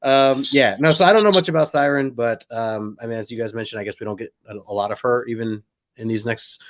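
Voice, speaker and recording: A man's voice: medium pitch, fast. A man co-hosting a casual comic book discussion, rambling and laughing as he retells his reactions. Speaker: podcast co-host.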